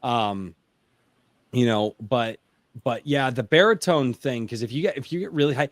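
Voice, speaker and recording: Brief: author at a round table, middle-pitched baritone man, eager, restarts a lot, dry close mic. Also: moderate pace, no echo. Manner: enthusiastic, rambling, many restarts. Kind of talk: casual round-table chat. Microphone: home mic through a mixer, bass boosted.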